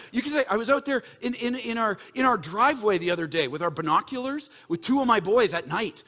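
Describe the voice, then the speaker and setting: Man, pastor, high voice, bright tone, sermon, quiet earnest asides, loud excited bursts. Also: a little fast, hardly any pauses.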